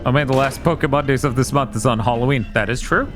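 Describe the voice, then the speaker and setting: A man's voice: medium pitch, quick pace, over music. A man co-hosting a live game stream, chatting casually in a rambling way and swearing now and then. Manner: rambling, swearing, loose storytelling. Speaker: streamer co-host.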